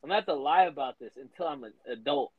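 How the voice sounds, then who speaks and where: A man's voice: mid-range voice, lively intonation, quick pace, narrow, tinny audio, a loud crowd. A young man co-hosting a podcast, telling stories in casual chat, swearing a lot and laughing often. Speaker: podcast co-host.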